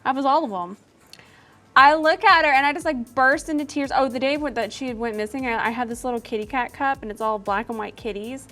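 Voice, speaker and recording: This young woman's voice sits high, bright and forceful as she does her makeup and tells a story for her vlog. Chatty and giggly, she rattles through the anecdote with quoted asides along the way.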